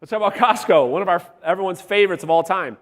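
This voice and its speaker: Guy running a sales workshop, high voice, blunt and swears a lot, long hall echo. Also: fast. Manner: energetic, blunt, swears, quizzes the audience. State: voice wearing out. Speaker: real estate sales coach. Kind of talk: live workshop teaching to a room. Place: large room with live audience.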